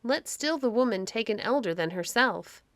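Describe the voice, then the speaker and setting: A woman's voice: on the high side, animated, moderate pace, fairly bright tone, dry recording. A woman reading aloud, voicing a moody, lovesick young duke who asks questions and gives orders on impulse. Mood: brooding.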